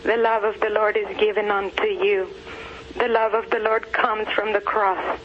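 A caller phoning in, speaking hesitantly at first, then reciting a devotional poem in a measured way. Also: medium pitch, little pitch movement, a little hiss or hum. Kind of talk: phone call reading a poem. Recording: dull phone line.

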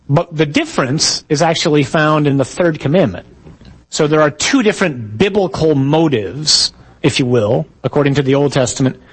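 A man's voice: medium pitch, husky, poor audio. A man, a priest, giving a conversational sermon with jokey asides and told stories.

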